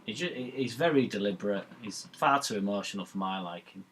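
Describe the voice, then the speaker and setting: A man's voice: fairly low pitch, expressive, brisk, slight background noise. A man hosting a live match watch-along, ranting bluntly about football with swearing and banter. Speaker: fan channel host.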